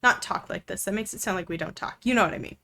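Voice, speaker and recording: A woman's voice: mid-range voice, fast talker, vocal fry, bright, forceful tone. A woman streamer chatting casually with her viewers while playing a game, with plenty of fillers.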